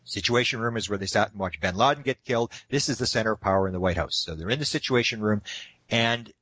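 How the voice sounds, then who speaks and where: A man telling anecdotes in a casual interview, animated and acting out the quotes. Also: lowish voice, quick pace. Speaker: guest speaker on UFO topics.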